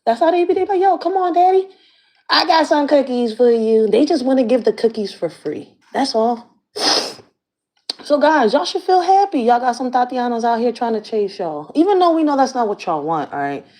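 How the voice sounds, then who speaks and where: A woman with a fairly high voice holds forth to her camera in a casual rant, swearing freely and slipping into slang. Her pitch jumps all over the place as she tells her story, lively and expressive from line to line. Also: brisk. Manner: blunt, profane, slangy storytelling. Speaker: community activist and channel host.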